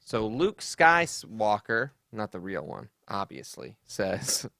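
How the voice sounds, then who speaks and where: A sarcastic man hosts a podcast, his pitch swinging widely as he riffs and mocks. The sound is dry and close, with no room around it. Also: big pitch swings, slow pace, gravelly, pushed and bright, no room sound. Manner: sarcastic, mocking, with sassy put-on voices for quotes. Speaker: podcast host. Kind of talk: casual comedic commentary.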